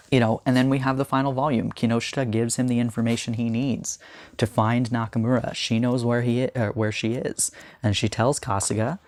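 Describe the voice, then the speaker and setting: Talking through a manga he's read, a young man vlogs a casual review in an earnest, halting way with lots of ums and restarts, and he slows and softens when things get emotional. He has a medium-pitched voice on a dry recording.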